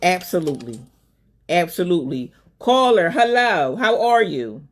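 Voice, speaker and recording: A woman hosting a live call-in stream, talking casually and sassily, calling people honey and baby, swinging between loud and soft. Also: on the low side, very animated, measured pace, faint music behind. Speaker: live show host.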